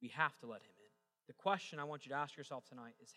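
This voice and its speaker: A man's voice: medium pitch, fast, pushed and bright. A young adult man preaching a sermon as pastor, moving from joking storytelling to emphatic preaching. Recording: long reverb of a large hall.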